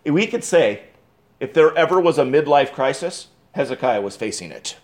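A pastor's high-leaning, expressive voice with a somewhat dark tone carries an emphatic expository sermon. He pauses dramatically and restarts as he preaches.

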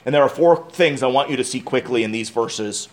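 A male pastor preaching a sermon, calling his listeners friends, moving from loud pleading to hushed, slowed emphasis. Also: medium pitch. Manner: addresses the congregation as friends, asks rhetorical questions.

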